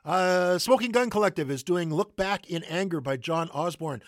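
A man's voice: sits high, expressive, no echo, clean studio sound. A man hosting theater announcements, reading them casually with many fillers and restarts. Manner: halting, many fillers and self-corrections. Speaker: theater news host.

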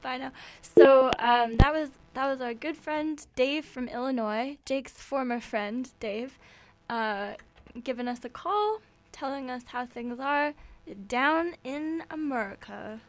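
A woman's voice: sits high, takes it slowly. A woman co-hosting a radio talk show, polite and a little hesitant. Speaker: radio co-host.

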